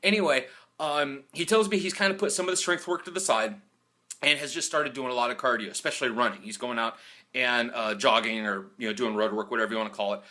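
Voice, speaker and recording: Bright-voiced man telling a fitness story. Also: medium pitch, fast talker. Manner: rambling, lots of fillers. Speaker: fitness coach. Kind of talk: casual storytelling vlog.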